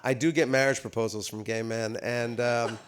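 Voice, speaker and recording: A man's voice: mid-range voice, moderate pace, smooth. A man telling stories on a theater stage. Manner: animated, comic anecdotes with many fillers. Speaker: guest actor at a live talk. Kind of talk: storytelling on stage. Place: theater stage before a live audience.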